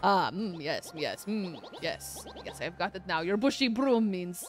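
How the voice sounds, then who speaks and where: A woman voicing a boastful man who reads character from mustaches, in a slow, pompous, lower voice for a video game. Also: expressive, soft background music.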